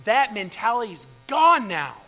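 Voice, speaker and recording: A male pastor delivering a fervent sermon in a high-pitched, sharp voice. He hammers on rhetorical questions, dips into soft, hushed stretches, and then rises to forceful emphasis. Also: very animated, normal speed, long reverb tail, soft background music, poor audio. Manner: swings between loud emphasis and low hushed passages.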